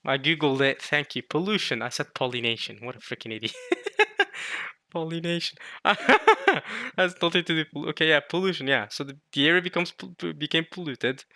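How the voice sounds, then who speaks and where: A man casually reading a comic chapter aloud and reacting to it, excitable, with mild swearing and frequent self-corrections. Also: on the high side, fast, hardly any pauses, no room sound, studio quality. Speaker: manga reaction YouTuber.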